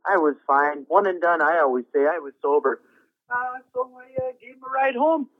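A man's voice: high-pitched, lively intonation, no room sound. A man playing an older rock roadie who tells rambling, folksy stories with frequent chuckles in a comedy phone interview. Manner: drawn-out anticlimactic storytelling. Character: rambling old male rock roadie, folksy and easily amused. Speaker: phone-in guest. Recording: tinny dry phone line.

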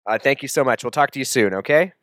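A man hosting a comedy podcast interview, prodding his guest in a deadpan, polite way. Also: mid-range voice, fast. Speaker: podcast host.

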